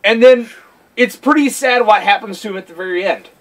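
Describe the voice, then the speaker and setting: A young man co-hosting a casual game chat, excitable and profane, acting out scenes in mock voices. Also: high-pitched, fairly quick, low-quality recording. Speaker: podcast co-host.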